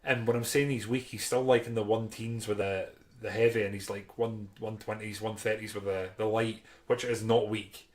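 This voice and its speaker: A man's voice: on the low side, level tone, normal speed, few pauses. A man, co-hosting a podcast and telling stories in casual chat with frequent restarts. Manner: chatty storytelling with frequent restarts. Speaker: podcast co-host.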